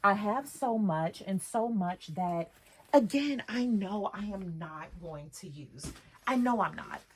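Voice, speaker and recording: A woman's voice: mid-range voice, lively intonation, measured pace, a little hiss or hum. A woman vlogger and personal stylist chatting casually while sorting clothes in her dressing room, emotional and chatty. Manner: chatty, emotional, choking up at times. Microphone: camera off, voice only.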